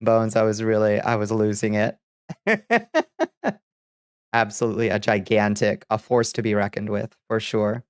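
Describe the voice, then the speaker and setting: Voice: medium pitch, animated, unhurried, smooth, no echo, studio quality. A streamer from the American South, stuffy and congested, chatting casually with viewers, reading their messages and laughing often. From Southern United States. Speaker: VTuber streamer host. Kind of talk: casual livestream chat, reading chat aloud.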